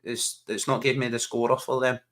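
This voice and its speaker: A man's voice: mid-range voice, little pitch movement, a little fast, fairly bright tone. A Scottish man co-hosting a casual live football watch-along, joking in broad slang and laughing often. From Scotland. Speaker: co-host.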